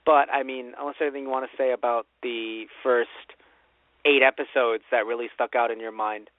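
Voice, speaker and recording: A man's voice: mid-range voice, fairly even intonation, a little fast, no room sound. A man co-hosting a casual podcast chat, rambling and slipping into brief mock voices. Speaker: podcast co-host. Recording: dry, phone-like lo-fi audio.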